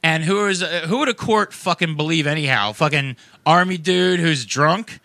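A man's voice: on the high side, normal speed, bright, forceful tone, dry recording. A man telling a casual, rambling story, swearing freely and packing his speech with fillers. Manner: profane, rambling, heavy on fillers.

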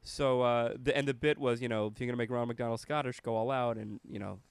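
A man's voice: medium pitch, fairly even intonation, quick pace, creaky, clean tone, dry recording. A man, a comedian and podcast host, talking casually in a profane, rambling way. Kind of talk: casual chat.

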